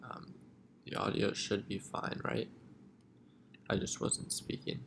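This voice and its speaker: A man hosting a live trading chat stream from home, speaking quietly and in a relaxed way. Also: noisy background. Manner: talking quietly, relaxed and unhurried. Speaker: trading livestream host. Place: home at night.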